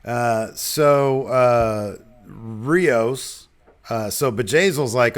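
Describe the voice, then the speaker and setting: A man co-hosting a podcast, recapping an episode step by step with lots of ums and quick quoted lines. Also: medium pitch, smooth. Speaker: podcast co-host.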